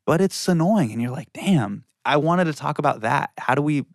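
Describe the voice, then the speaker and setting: A man's voice: a little high, lively intonation, moderate pace, dry recording, clean studio sound. A man from California, a guest comedian talking passionately and emphatically in a casual interview. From California, USA.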